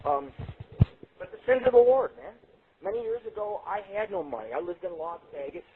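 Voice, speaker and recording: A man hosting a late-night internet radio show, telling rambling, profane stories with sudden jumps in pitch. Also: expressive, a little fast, a little hiss or hum. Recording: tinny phone-like sound.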